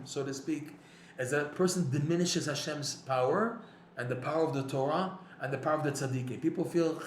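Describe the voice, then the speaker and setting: Guy giving an excited torah class, acts out the quotes, echoey room, bit of hiss. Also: on the high side, a little fast. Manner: storytelling, acts out quotes, rising emphatic bursts. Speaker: Torah teacher. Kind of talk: animated religious lecture. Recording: echoey room with faint noise.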